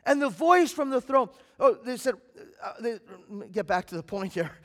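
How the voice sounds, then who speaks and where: A man preaching a sermon as pastor, swinging between loud emphatic bursts and quiet, low passages. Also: very animated, normal speed. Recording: long hall reverb.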